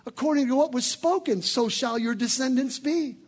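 Husky high-voiced preaching pastor. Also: male voice, moderate pace. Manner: preaching with shouted peaks and playful asides. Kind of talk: sermon.

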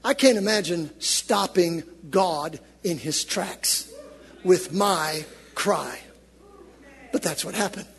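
A man preaching a sermon, sliding from hushed low storytelling to loud shouted peaks and having the congregation repeat lines after him. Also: husky, big-room sound. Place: church.

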